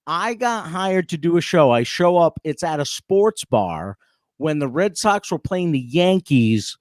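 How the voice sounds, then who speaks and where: A man co-hosting a podcast, telling an animated story about a gig in a casual chat. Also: on the high side, measured pace, dry recording, studio quality. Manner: animated anecdote teller, quotes people in his stories. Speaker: podcast co-host.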